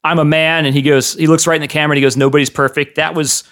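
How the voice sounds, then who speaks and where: A man co-hosting a casual comedy podcast over a video call, cracking deadpan jokes. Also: fairly high pitch, racing. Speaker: podcast co-host.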